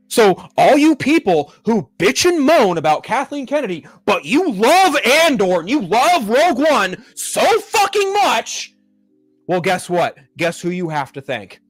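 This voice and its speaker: A man hosting a pop-culture show, ranting in a profane, exasperated and mocking way. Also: sits high. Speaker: podcast host.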